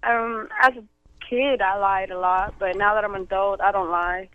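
A woman's voice: medium pitch, fairly even intonation, normal speed, no echo. Woman, 20s, offhand short answers, tinny phone line. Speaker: caller.

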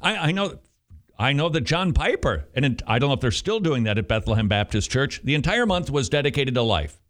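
A man's voice: medium pitch, animated, a little fast, fairly bright tone. A man speaking as a pastor to fellow pastors, feverish and emphatic, repeating phrases to drive them home.

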